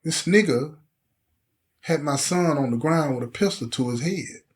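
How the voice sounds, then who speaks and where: A man's voice: on the high side, expressive, moderate pace. Emotional middle-aged man telling his story. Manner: emotional, intense, acts out quoted voices. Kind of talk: personal storytelling to camera.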